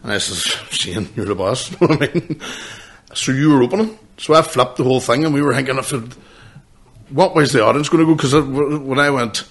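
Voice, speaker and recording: A man's voice: mid-range voice, expressive, a little fast, fairly bright tone, husky. A man, hosting a podcast and telling rambling, swearing stories between bursts of laughter. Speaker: podcast host. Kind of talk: casual chat.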